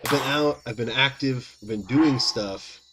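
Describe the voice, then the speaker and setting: A worn-out man in his thirties chats loosely with his viewers while he plays, drifting from topic to topic at an everyday pitch. Game music runs clearly underneath his voice. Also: a little slow. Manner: rambling, chatty, talks to chat by name. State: tired. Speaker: game streamer. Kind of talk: casual chat while gaming.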